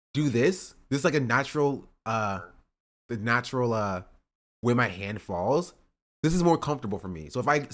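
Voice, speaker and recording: Male streamer, casual reaction talk, medium pitch. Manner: chatty, repeats himself, reads chat aloud. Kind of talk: casual live-stream commentary.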